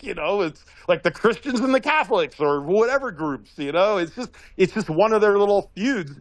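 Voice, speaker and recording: A man with a high, lively voice that swings widely as he talks. He rambles through a casual commentary and tells stories in an animated way, laughing often. The sound is dry and close. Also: dry recording, poor audio. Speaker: regular guest commentator.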